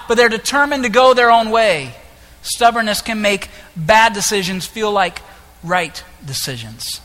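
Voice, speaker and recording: A man preaching a sermon as pastor, impassioned, moving between hushed lines and loud ones. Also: sits high, moderate pace. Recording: echoey hall with long reverb.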